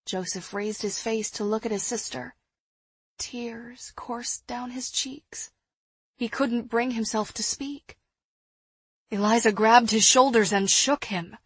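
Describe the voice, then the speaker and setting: A woman reads an audiobook in the first person, measured and hushed. Her voice is fairly high and breathy, and she takes her time over every phrase. The sound is dry and close. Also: steady tone, no room sound. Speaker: audiobook narrator.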